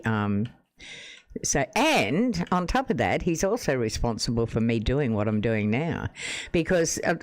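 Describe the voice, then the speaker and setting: An Australian live streamer chats with his viewers from a room at home, speaking into a desk microphone. His mid-pitched delivery rambles from thought to thought, with frequent laughter and restarted sentences.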